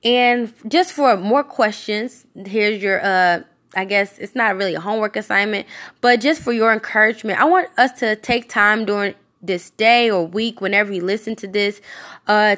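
A woman's voice: mid-range voice, fairly bright tone. Earnest woman giving a devotional podcast sermon. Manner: earnest, repeats questions with rising emphasis; casual fillers and self-restarts. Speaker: podcast preacher.

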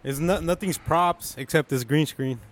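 A man's voice: a little high, normal speed. A man co-hosting a podcast, chatting in a slangy, profane, teasing way. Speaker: podcast co-host. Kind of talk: casual chat.

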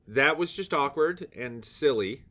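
A man co-hosting a podcast in casual chat, jokey and animated, slipping into acted asides. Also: medium pitch, measured pace. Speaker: podcast co-host.

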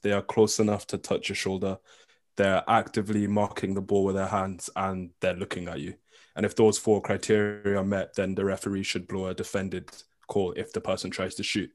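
A young man with an English accent, chatting casually as a guest coach in an interview, full of ums and quick laughs. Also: on the low side. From England. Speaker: coach and committee member.

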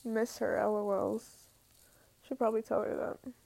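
A woman's voice: on the high side, little pitch movement, moderate pace, gravelly, dark tone, slight background noise. A teenage girl talking casually to the camera, slangy and full of "like", drawling and exasperated. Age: teens. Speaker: student vlogger.

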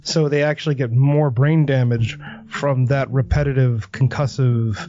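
A man hosting a podcast, telling a story in a lively, animated way during a casual interview. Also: mid-range voice, unhurried, highs cut off, soft background music. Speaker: podcast host.

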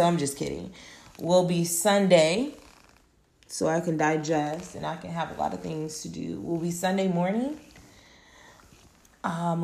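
A woman with a low, gravelly voice hosts her own podcast, talking alone to her listeners. Her delivery is relaxed and blunt, with casual swearing mixed into warm encouragement. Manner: laid-back, profane, affirming. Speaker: podcast host. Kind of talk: casual solo podcast wrap-up.

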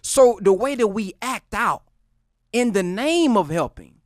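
A man talking like a preacher in a relaxed group chat, his voice swinging from low, hushed asides up to loud punches. He uses street slang and acts out the voices of the people he quotes. The sound is dry and close to the mic. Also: measured pace, dry recording. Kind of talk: preaching-style casual talk.

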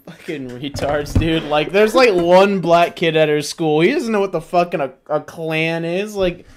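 A man's voice: fairly high pitch, a little slow, a little hiss or hum. A young man from the southern United States in casual chat, joking crudely and swearing a lot.

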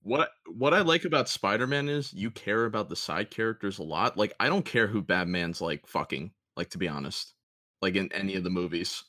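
A man's voice: sits low, lively intonation, brisk, pushed and bright. A young man co-hosting a podcast, talking bluntly and laughing often. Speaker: podcast co-host. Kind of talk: casual chat.

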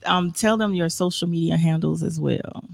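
A woman's voice: lowish voice, moderate pace, gravelly, a little mellow, dry recording. A woman hosting a casual live stream, reading out viewer comments and getting emotional. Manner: emotional, exclaims and gets teary.

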